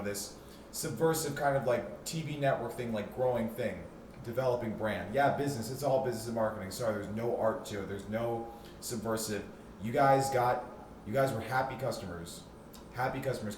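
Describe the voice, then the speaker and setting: A man's voice: mid-range voice, darkish tone, reverberant, recorded from a distance, slight background noise, poor audio. A man hosting his own vlog, ranting in a rambling, swearing, fired-up monologue. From South Florida. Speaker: vlog host.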